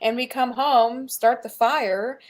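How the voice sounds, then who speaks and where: A woman's voice: a little high, steady tone, takes it slowly. Chatty woman who laughs easily. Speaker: co-host. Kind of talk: casual chat.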